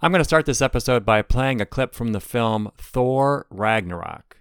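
A man's voice: medium pitch, normal speed, a bit bright, clear, resonant tone, dry recording, clean studio sound. A middle-aged man hosting a devotional podcast, explaining things earnestly. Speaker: podcast host.

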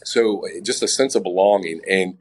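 A man's voice: deep voice, normal speed, low-quality recording. A man being interviewed, telling a personal story in casual chat, often restarting his sentences and talking straight to the listeners. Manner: stammering restarts, addresses listeners as guys. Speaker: interview guest.

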